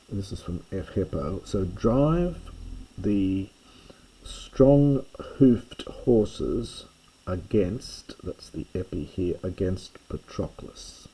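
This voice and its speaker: A man with a very low, dark voice works through a classical text, unhurried and patient. His tone is husky, and he pauses over words, leaning on each translation. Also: big pitch swings, poor audio. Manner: thoughtful, pauses with fillers, stresses translations. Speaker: classics teacher reading Homer. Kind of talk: slow line-by-line Greek lesson.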